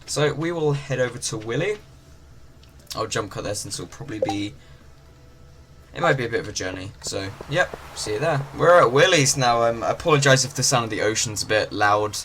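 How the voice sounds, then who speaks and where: Male let's-play host, mid-pitched, rambling chatty delivery, clear game noise under him. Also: expressive, fairly quick, a bit bright. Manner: chatty, rambling, with many fillers. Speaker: gaming channel host. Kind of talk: casual game commentary. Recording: game ocean noise behind.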